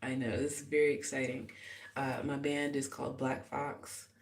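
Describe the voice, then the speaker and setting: An American woman musician with a bass voice, creaky and flat in pitch, chats at normal speed in a live get-ready-with-me vlog. She rambles reflectively with many fillers from a small hotel bathroom, where the audio is poor and echoey.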